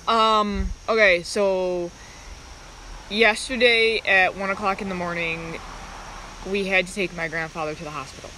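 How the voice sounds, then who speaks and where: A woman talks on a live stream in a bright, forward voice. Her casual chat rambles and halts, and she keeps breaking off to greet viewers by name. Faint crickets and passing cars can be heard behind her. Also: medium pitch, steady tone, measured pace, slight background noise, poor audio.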